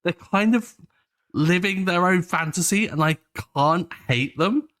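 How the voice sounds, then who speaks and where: A man co-hosting a podcast, explaining things in relaxed, wry casual chat. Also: sits high, a little slow. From England. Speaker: podcast co-host.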